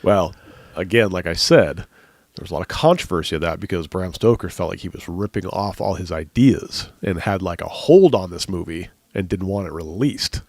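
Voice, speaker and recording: A man co-hosting a movie podcast, cracking crude jokes and cutting in with quick remarks. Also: low voice, a little mellow, dry recording. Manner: joking, crude, interjecting. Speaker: podcast co-host. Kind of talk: casual movie podcast banter.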